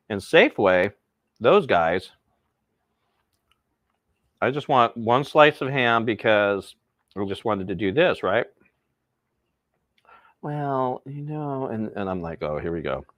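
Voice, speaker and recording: Man, low voice, dry close sound, chatty livestream cook, rambling. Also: a bit bright, no room sound. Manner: chatty, rambling, talks to viewers. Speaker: cooking livestream host. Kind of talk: casual livestream cooking chat. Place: outdoors by a pizza oven.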